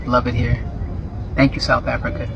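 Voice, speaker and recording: An American man talking casually to camera outdoors, lively and acting out quoted voices. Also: medium pitch, moderate pace, gravelly, dull audio, noisy background. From United States. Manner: animated, acts out quoted voices, chuckles. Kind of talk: casual vlog talk to camera.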